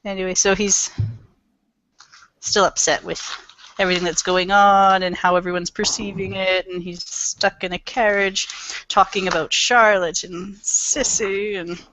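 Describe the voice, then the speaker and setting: A young woman in a casual book club discussion, animated and playful. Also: medium pitch, measured pace, a little hiss or hum. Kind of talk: casual chat. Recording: dry, dull lo-fi sound.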